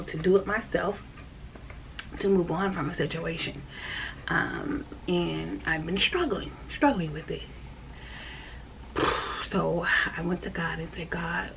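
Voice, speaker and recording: A woman talks about her faith in a casual vlog, earnest and repetitive, and sometimes sinks into a soft, breathy near-whisper. She sits some way from the mic, so her voice sounds distant. Faint noise runs underneath. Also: on the low side. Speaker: faith vlogger. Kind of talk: casual spiritual talk.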